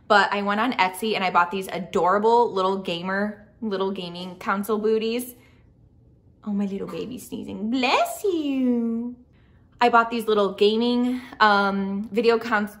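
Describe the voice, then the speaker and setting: A young adult woman vlogging in a chatty, excited way, with frequent fillers and restarts. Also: medium pitch. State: speaking softly near a sleeping baby. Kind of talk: casual storytelling vlog.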